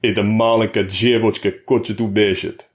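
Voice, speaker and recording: A man's voice: lowish voice, slow. A male narrator voicing a huge brutish male prison fighter with a thick Russian accent, growling and sneering. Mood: taunting.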